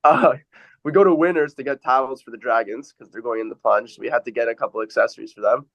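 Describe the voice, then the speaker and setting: A man's voice: medium pitch, fast talker, creaky, dull audio. A man, an entrepreneur guest, telling a story in casual podcast chat, rambling with many fillers.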